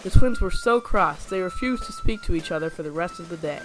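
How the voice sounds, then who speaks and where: A man narrating a children's story with a steady, expressive reading. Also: high-pitched, fairly quick, over music.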